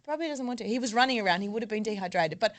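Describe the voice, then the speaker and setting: An Australian woman chatting on a podcast in a mid-pitched everyday voice. She tells her story with dry asides and a casual, easygoing rhythm. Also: lively intonation, racing. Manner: chatty, wry recounting. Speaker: podcast co-host. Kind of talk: casual chat.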